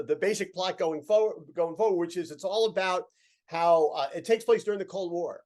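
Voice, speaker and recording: A man's voice: fairly high pitch, a little mellow. Man making emphatic repeated points. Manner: emphatic, repeats points in a row of parallel phrases. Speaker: co-host. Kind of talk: casual chat.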